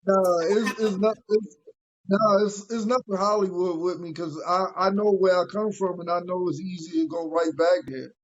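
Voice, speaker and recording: A man from New York, a podcast guest in casual chat, talking haltingly and repeating words as he gets his sentences going. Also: high voice, fairly even intonation. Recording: dull lo-fi sound.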